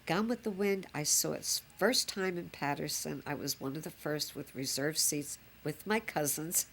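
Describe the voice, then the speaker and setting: A woman's voice: low-pitched, moderate pace, creaky, a bit bright, a little hiss or hum. An older woman, a grandmother reminiscing fondly in a chatty, rambling way. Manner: chatty, fond, rambling with fillers. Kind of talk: reminiscing home recording.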